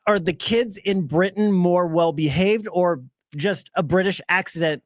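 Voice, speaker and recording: A man's voice: high voice, a little slow, no room sound, clean studio sound. A man co-hosting a radio show, joking and easygoing in casual banter. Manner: joking, easygoing, laughs along.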